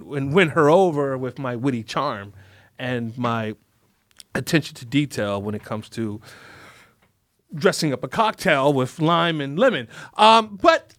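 A man's voice: on the high side, fairly bright tone, dry recording, clean studio sound. A man hosting a podcast, rambling through crude, mock-dramatic jokes. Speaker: podcast host. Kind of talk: comedic podcast chat.

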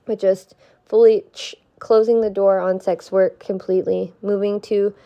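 A woman's voice: mid-range voice, flat delivery, normal speed, highs cut off. A young woman with a stuffy nose giving an earnest, heartfelt spiritual pep talk to her viewers, swearing now and then for emphasis. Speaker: vlogger.

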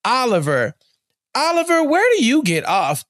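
A man co-hosting a podcast, recapping a TV episode in casual chat, animated and sassy, scolding the characters directly. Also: extremely high pitch, moderate pace, no echo, clean studio sound. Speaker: podcast co-host.

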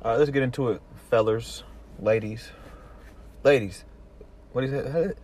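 A little slow, husky, and slightly mellow, a medium-pitched man with a Southern accent from Atlanta gives casual commentary as a vlogger. He rambles, swears, restarts repeatedly, and laughs easily.

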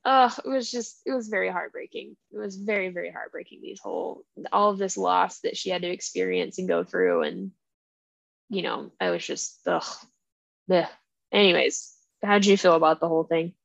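A woman's voice: on the low side, lively intonation, moderate pace, creaky, no echo. A woman co-hosting a casual book podcast, retelling the story with feeling and acting out little quoted lines. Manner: emotional, retells the plot with little quoted voices. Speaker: podcast co-host.

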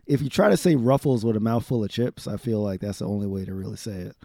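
A man's voice: fairly low pitch, fast, dark tone, dry recording. A man co-hosting a podcast, rambling goofily with lots of fillers; he is from Chicago. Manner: goofy, rambling, full of fillers. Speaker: podcast co-host. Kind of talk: casual chat.

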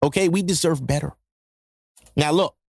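A man's voice: fairly high pitch, normal speed, gravelly, breathy edge, no room sound, studio quality. Profane, joking male podcast host. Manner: profane, joking, animated rants. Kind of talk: casual monologue.

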